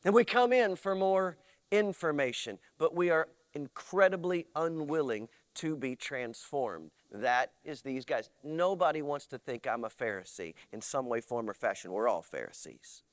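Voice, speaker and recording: Man, pastor, animated preaching, high voice, dry close sound. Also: moderate pace, dry recording. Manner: animated preaching with mock voices, swinging loud to soft. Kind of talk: sermon.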